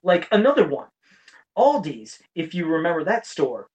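A man chatting casually as a podcast co-host, telling rambling, animated stories. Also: a little high, recorded from a distance, rough recording. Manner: rambling storytelling, quick and animated. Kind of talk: casual chat about toy collecting.

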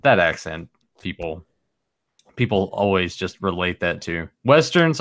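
A man's voice: low voice, big pitch swings, unhurried, fairly bright tone, no echo, studio quality. A man co-hosting a podcast, chatting about an old cartoon in a laid-back, amused way. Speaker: podcast co-host. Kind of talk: casual chat about a cartoon.

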